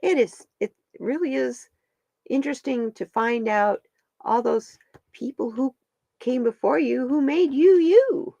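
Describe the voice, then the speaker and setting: A woman's voice: a little high, measured pace, gravelly, warm tone, no echo, muffled recording. A woman hosting a live stream, chatting casually with viewers and her pets while she pulls stones and cards.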